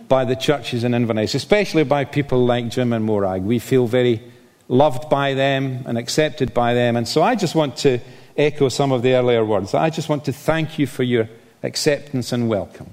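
Older Scottish preacher in a reverberant church. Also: male voice, mid-range voice. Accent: Scottish, softened by years in England. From Scotland. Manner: warm, self-deprecating, many "uh" fillers. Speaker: visiting preacher. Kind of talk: sermon. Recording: long reverb of a church hall.

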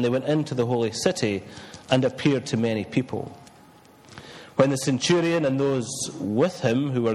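A man reading scripture slowly, then preaching a sermon with frequent fillers. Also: mid-range voice, in a large hall, rough recording.

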